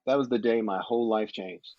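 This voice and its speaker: A man who is a podcast guest, telling stories in a casual chat, animated and laughing as he acts out the people in them. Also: on the low side, fairly quick, lo-fi sound. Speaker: podcast guest, model and actor.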